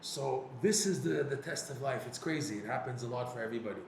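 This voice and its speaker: A man teaching a Torah class, telling a personal story and acting out his own prayers and dialogues in an animated way. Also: medium pitch, fast talker, creaky. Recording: echoey room with faint noise.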